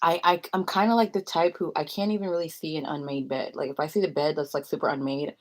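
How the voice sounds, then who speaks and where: A woman's voice: deep voice, fairly even intonation, quick pace. A young woman vlogging in a rambling confessional chat, full of filler likes and laughing often.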